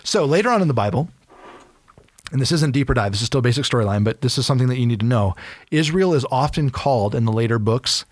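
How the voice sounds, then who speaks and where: A man hosting a casual podcast, retelling a Bible story in an animated way and acting out its characters in quick casual voices. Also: medium pitch, no room sound.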